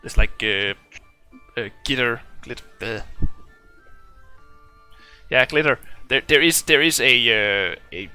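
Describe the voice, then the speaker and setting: A man narrating as game master for a tabletop game, in a casual, halting way with many restarts. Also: medium pitch, pushed and bright, clean tone, soft background music.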